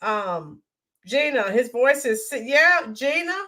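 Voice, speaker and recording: This livestream commentary host has a highish voice that's pushed and bright, swinging widely in pitch and moving slowly. She reads viewer comments indignantly and emphatically, with mocking quotes.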